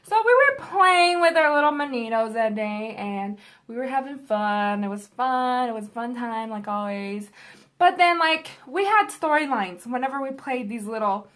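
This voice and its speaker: A woman's voice: on the high side, expressive, normal speed, a bit bright. A young adult woman vlogger telling a story in a casual, rambling, profane way.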